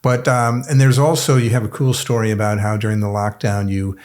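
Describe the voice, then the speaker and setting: A man's voice: lowish voice, level tone, brisk, a little mellow. A man hosting an interview podcast, chatting casually and a bit hesitantly, with many "uh" fillers. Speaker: host.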